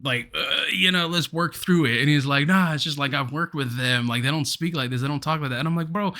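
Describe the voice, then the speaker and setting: A man with a fairly high, bright, forceful voice tells a story in loose, casual podcast chat. He laughs often and jumps up in pitch when something strikes him as absurd. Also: fairly quick. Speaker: podcast co-host.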